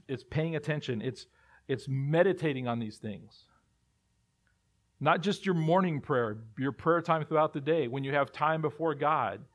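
A male pastor preaching a sermon, emphatic and repeating phrases as he builds his points. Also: mid-range voice.

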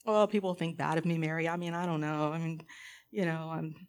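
Woman voicing a hesitant churchgoer, low and mumbling. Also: fairly even intonation, brisk. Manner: mumbling, hedging, unsure. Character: hesitant churchgoer, shy about sharing faith.

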